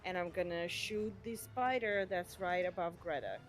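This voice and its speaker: A woman playing a tabletop game, telling her character's actions with lively excitement. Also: lowish voice, normal speed, faint music behind. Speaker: player. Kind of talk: tabletop role-play chat.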